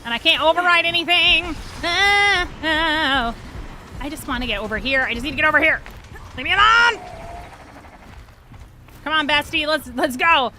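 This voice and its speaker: Bright high-voiced woman streamer. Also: a little hiss or hum. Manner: chatty, swears freely, quick reactions to the game. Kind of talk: casual gameplay livestream chat.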